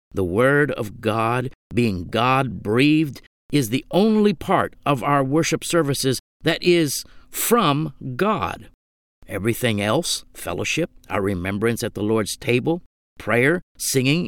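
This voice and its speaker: Slow, measured male preacher. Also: mid-range voice, a bit bright, no room sound, clean studio sound. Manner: measured, emphatic, repeats parallel phrases. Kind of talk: sermon.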